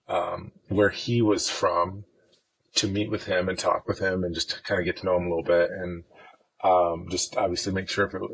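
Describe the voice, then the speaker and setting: A man's voice: low voice, creaky, slight background noise, rough recording. A man from Chicago, a podcast guest, telling a personal story in an easygoing, rambling way.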